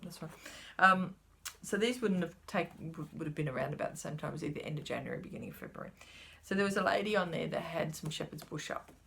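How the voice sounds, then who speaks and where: A chatty woman talks casually through her craft supplies. Her voice is fairly low and gravelly, and she rambles, sometimes dropping to a whisper. There is a faint hiss of background noise. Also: a bit bright. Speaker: cross-stitch vlogger.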